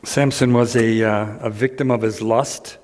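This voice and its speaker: A man preaching a sermon as pastor, earnest and unhurried, repeating key lines with dramatic pauses. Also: mid-range voice, steady tone, darkish tone. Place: church sanctuary. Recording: church hall reverb.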